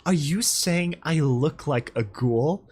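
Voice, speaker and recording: A man voicing a proud, wary female zebra speaking slowly and formally. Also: a little high, expressive, a little mellow, breathy edge, heavily acted. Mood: cautious. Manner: slow, careful and formal.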